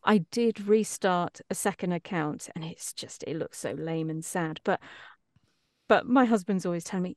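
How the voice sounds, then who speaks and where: A woman's voice: lowish voice, normal speed, dry recording, studio quality. A middle-aged woman, chatting as an interview guest in a rambling, self-deprecating way, with many restarts. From Britain. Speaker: voice actress guest. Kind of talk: casual interview chat.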